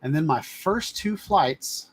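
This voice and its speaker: A man's voice: a little high, expressive, slow pace, breathy edge. A man hosting a casual live stream from a home studio, chatting in a rambling way as he shows items to the camera. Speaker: live-stream host reviewing drones.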